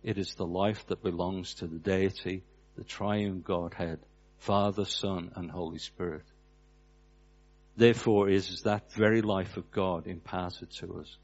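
A man's voice: low-pitched, fairly even intonation, measured pace. A man preaching a sermon, telling a story with an earnest cadence that drops away at the ends of phrases. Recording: dull lo-fi recording.

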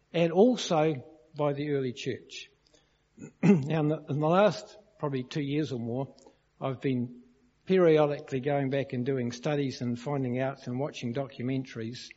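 A man's voice: fairly high pitch, mellow, husky. A man preaching a sermon, explaining a verse and telling stories to illustrate it. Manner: storytelling, questions the congregation. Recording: dull lo-fi recording in a reverberant hall.

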